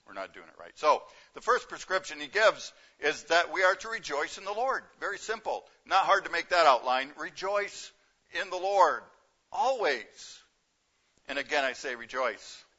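A male pastor preaches a conversational sermon in a bright, slightly high voice, circling back to repeat his key phrases. The recording is dull and lo-fi, like a church tape.

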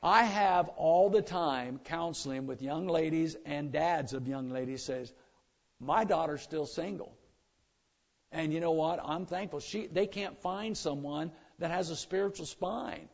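A man preaching a sermon, animated and joking, now and then mimicking complainers. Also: fairly high pitch, a little slow, gravelly, few pauses, highs cut off. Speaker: pastor.

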